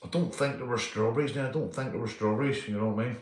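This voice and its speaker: A middle-aged man with a Northern Irish accent, telling rambling true stories and giving shout-outs on a live stream. He swears freely, laughs through his tales and keeps tagging lines with "mate". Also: medium pitch, rapid-fire. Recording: roomy echo.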